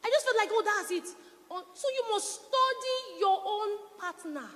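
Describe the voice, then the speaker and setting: A middle-aged woman pastor preaching a sermon, telling lively stories and acting out her husband's words. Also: very high-pitched, moderate pace. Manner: animated storytelling, quotes her husband. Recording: long reverberant hall.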